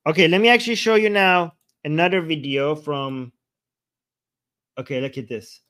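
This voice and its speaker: A man's voice: a little high, normal speed, a bit bright. A man hosting a livestream, reacting heatedly to a clip, trading insults and rambling while he screen-shares videos. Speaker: livestream host.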